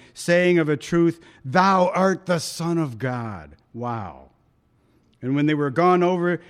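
A man preaching a conversational sermon, acting out quoted voices as he reads and comments on scripture. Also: a little high. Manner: conversational, dramatic quoting of voices.

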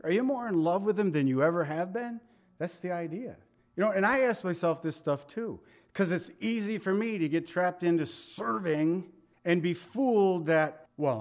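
Conversational man preaching a sermon. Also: on the high side. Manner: conversational, asks the congregation questions. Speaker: pastor.

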